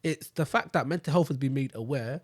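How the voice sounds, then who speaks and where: A young man, co-hosting a casual podcast and making his points emphatically. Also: mid-range voice. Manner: rapid, emphatic, slang-heavy. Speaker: podcast co-host. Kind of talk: casual chat.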